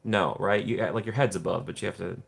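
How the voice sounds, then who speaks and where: A man's voice: on the low side, fairly even intonation, brisk, gravelly. A man hosting a casual livestream, rambling and joking while he reads viewer chat. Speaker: livestream host.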